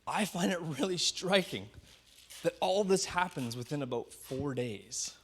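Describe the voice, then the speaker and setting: A male pastor preaching a sermon in a conversational storytelling way, slowing down to dwell on key words, with self-deprecating asides. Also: on the high side, expressive, slight background noise.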